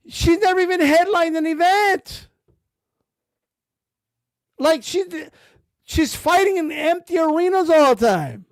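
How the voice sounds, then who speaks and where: A man's voice: very high voice, animated, measured pace, vocal fry, pauses often, no echo, studio quality. A man streaming about boxing, ranting sarcastically with profanity and repeated rhetorical questions. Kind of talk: heated rant.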